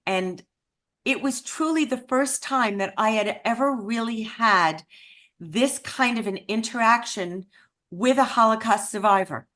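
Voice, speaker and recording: A woman's voice: mid-range voice, a bit bright. A woman giving an earnest, self-deprecating storytelling talk to an audience. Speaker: speaker at a memorial event.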